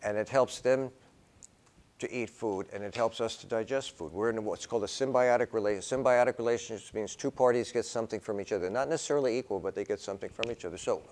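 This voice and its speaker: A man's voice: fairly low pitch, fast talker, darkish tone. An older man, a professor giving a conversational classroom lecture that wanders into personal stories and acted-out dialogue. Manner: acts out dialogue in quoted voices. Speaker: philosophy professor.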